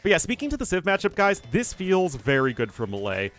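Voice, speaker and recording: Male esports caster with a chatty, joking delivery who answers chat between plays, soft music underneath. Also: high-pitched, huge pitch swings, a little fast. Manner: chatty, joking asides reading viewer chat. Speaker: game tournament caster. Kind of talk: live esports commentary.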